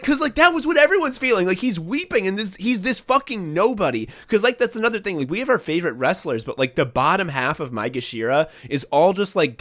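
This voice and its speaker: A man co-hosting a podcast, telling stories in casual, profane, animated chat. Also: medium pitch. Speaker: podcast co-host. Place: separate rooms from co-host.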